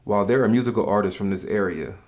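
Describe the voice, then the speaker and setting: A man from the States, giving calm, measured scripted narration for a countdown video. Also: lowish voice. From Southern United States.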